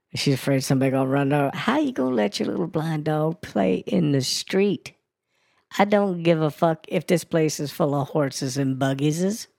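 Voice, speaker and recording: A man voicing a brash, foul-mouthed woman who reads crude news and weather on a comedy radio show, ranting with a gravelly sass. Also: on the high side, a little mellow, no room sound, studio quality, exaggerated voice. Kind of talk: comedy radio character bit.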